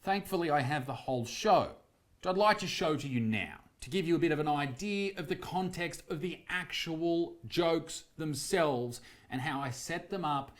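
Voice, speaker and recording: A man's voice: a little high, moderate pace. A man with an Australian accent, a comedian speaking directly to his viewers in a defensive, emphatic way. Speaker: comedian addressing his audience. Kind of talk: direct-to-camera explanation.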